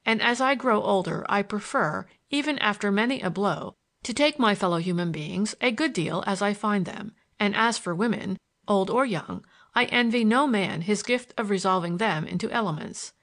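In scripted audiobook narration, a woman with a mid-range voice tells the story in a measured, expressive way.

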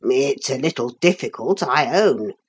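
This is a small wooden toy figure come to life in a storybook, put on by a woman narrator. He explains strange things patiently and plainly, never flustered. The voice is husky and slow, with a lively melodic lift. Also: extremely low pitch, voice pushed down, exaggerated voice. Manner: calm, explaining, matter-of-fact.

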